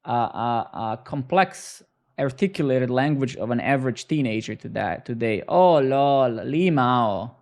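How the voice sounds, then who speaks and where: A man's voice: medium pitch, animated, unhurried. A young man live-coding on stream, bantering sarcastically and swearing at his chat as he works.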